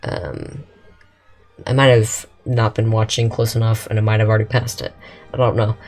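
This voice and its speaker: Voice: mid-range voice, level tone, moderate pace, a little mellow. A casual creator narrating a park-building session at a home desk mic. The talk rambles and restarts, full of filler sounds, in a mid-range voice. Faint music runs underneath. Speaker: game creator. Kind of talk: casual gameplay commentary.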